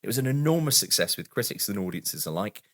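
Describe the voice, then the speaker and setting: A man co-hosting a podcast, reading background notes aloud in a casual, animated way and laughing now and then. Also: fairly low pitch, quick pace. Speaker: podcast co-host.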